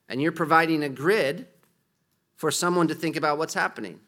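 A man's voice: fairly high pitch, normal speed, pushed and bright. A middle-aged man teaching as a pastor, talking through his points in a conversational way and acting out quoted speech. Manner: conversational, with frequent restarts and acted-out quotes. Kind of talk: sermon-style teaching.

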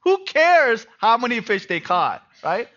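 A man delivers a sermon in a high, bright voice. He peppers his points with rhetorical questions and tag questions, dropping to a hush and then rising to loud emphasis. The recording sounds dull and lo-fi. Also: very animated, unhurried. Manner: swings from hushed to loud emphasis. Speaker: preacher. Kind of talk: sermon on a Bible passage.

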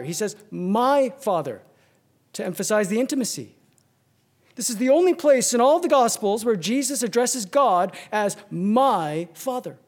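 A man preaching a sermon, swinging from ringing emphasis to hushed near-whispers, with slow, deliberate repetitions. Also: high-pitched.

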